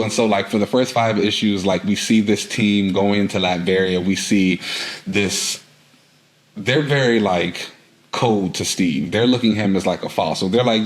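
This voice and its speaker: Low-voiced man recapping a comic casually. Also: fairly even intonation, a little fast, rough recording. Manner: rambling storyteller, heavy use of "like". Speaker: podcast co-host. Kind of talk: casual comic-book review chat.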